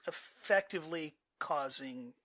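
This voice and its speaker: A man's voice: fairly high pitch, a little slow, fairly bright tone. A man co-hosting a podcast, chatting casually and jokingly with his spouse in a wry, rambling way. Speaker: podcast co-host.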